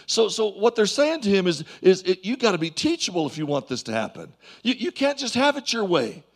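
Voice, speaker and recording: A male pastor preaching a sermon in a church, swinging from loud calls to low asides and calling for amens. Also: sing-song, fairly quick.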